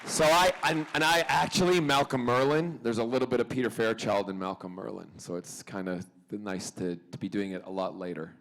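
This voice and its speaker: A man's voice: on the low side, steady tone, fairly quick, few pauses, fairly bright tone, a faint crowd, poor audio. A man with a North American accent answering fan questions at a convention panel, a playful, cheeky storyteller full of jokes and asides.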